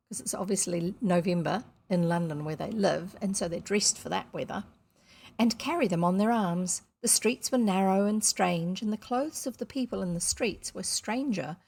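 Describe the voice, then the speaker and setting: New woman, casual read-aloud of a children's book, chatty asides, mid pitch. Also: darkish tone. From New Zealand. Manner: chatty, self-deprecating asides between passages. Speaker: audiobook reader on video. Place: seated indoors reading at camera.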